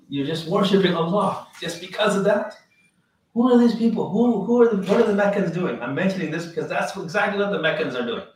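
Man, religious lecture, storytelling, acts out voices, faint background noise. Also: mid-range voice. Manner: animated storyteller, acts out quoted voices, chuckles, restarts. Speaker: Islamic teacher. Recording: very echoey room, distant mic, faint noise.

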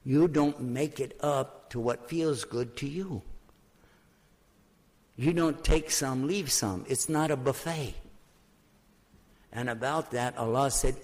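An older man preaching in a storytelling sermon, animated and then hushed when he speaks of prayer. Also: fairly high pitch, a little slow. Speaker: preacher telling his conversion story.

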